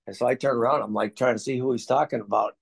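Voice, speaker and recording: Speaking fast with fairly even intonation, this man has a creaky, mid-range voice. He's in his sixties, a retired motorcycle stunt rider, and he reminisces like a folksy storyteller, laughing along at his own stories.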